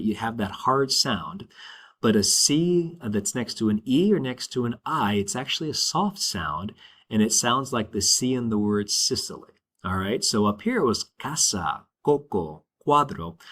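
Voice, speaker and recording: A man's voice: lowish voice, a bit bright. A male Spanish teacher giving a recorded lesson, explaining step by step and checking in with "all right" as he goes.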